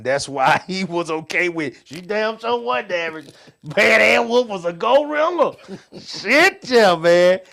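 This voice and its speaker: A man's voice: mid-range voice, fairly bright tone. An older man, hosting a casual talk show, rambling, repeating himself and laughing often. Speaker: host.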